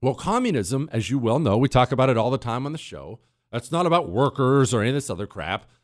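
A man's voice: mid-range voice, big pitch swings, quick pace, no echo, studio quality. A middle-aged American man hosting a talk radio show, delivering an opinionated, sarcastic monologue full of restarts and asides. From United States. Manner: combative, sarcastic, rambling with restarts. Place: radio studio.

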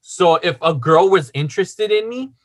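A man's voice: high voice, expressive, moderate pace. A man casually telling a long personal story, rambling with lots of fillers and swearing.

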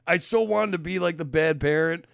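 A man co-hosting a podcast, telling an animated, profanity-laced story about his kid's soccer game. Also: a little high, normal speed, vocal fry, no room sound, studio quality. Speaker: podcast co-host and parent. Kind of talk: casual chat.

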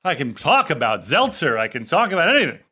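A man's voice: a little high, wildly swooping pitch, fast, sharp tone, breathy edge. A man co-hosting a podcast in casual chat, rambling and joking, often restarting his sentences. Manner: rambling, self-interrupting, jokey. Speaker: podcast co-host.

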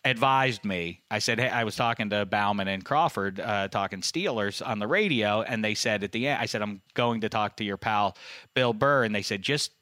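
A man's voice: fairly low pitch, normal speed, pushed and bright, dry recording, studio quality. A man in his late fifties hosting a casual chat, rambling and self-mocking with many fillers. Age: 50s. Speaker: sports radio host.

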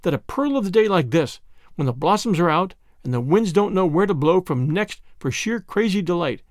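A man's voice: sits high, expressive, moderate pace, no echo, clean studio sound. A man voicing a dreamy, imaginative young girl who talks in rapturous, poetic phrases in a storybook reading. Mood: enthusiastic.

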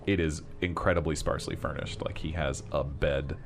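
A man's voice: rumbling low, steady tone, moderate pace. A man playing a tabletop role-playing game, speaking as his character in a casual, wry way. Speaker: player.

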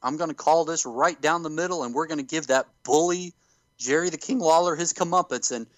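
A man's voice: a little high, brisk, dry recording, voice pushed up, close to an everyday voice. A man putting on a smug wrestling villain who speaks with mock-earnest, oily sincerity. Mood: fake-sincere.

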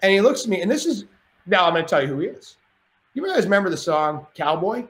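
A man spins a loud anecdote with a lot of swearing and tangents. His voice sits a bit high. The sound is roomy and echoey, as if recorded in a cottage. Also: quick pace. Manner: lively, profane, rambling anecdotes. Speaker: podcast guest. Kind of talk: animated storytelling.

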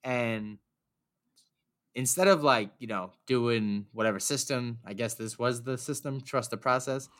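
Animated profane young man telling a story. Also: medium pitch, measured pace. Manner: animated, profane, acts out quoted voices. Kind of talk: casual storytelling chat.

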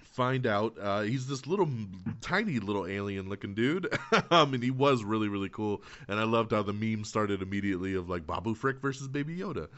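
Low-voiced laughing podcast host. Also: male voice, expressive, fairly quick, a bit bright, dull audio. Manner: laughs often, rambling recap with fillers. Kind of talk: casual chat.

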